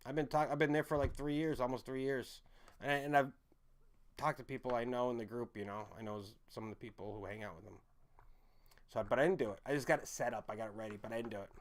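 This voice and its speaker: A man's voice: medium pitch, steady tone, fast. A young man streamer chatting casually, rambling, repeating himself and often apologizing.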